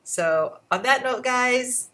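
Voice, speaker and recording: A woman vlogger telling a personal story in a casual, animated way, her voice jumping up when she acts out what people said. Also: slow. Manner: animated retelling with shifting pitch and pace.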